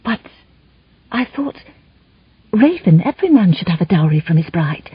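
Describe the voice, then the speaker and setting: A woman's voice: lowish voice, very animated, moderate pace, slightly rough, dry recording, exaggerated voice. A woman voicing a young noblewoman, earnest and formal in speech, in a slightly muffled recording. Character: young noblewoman, warm and eager bride.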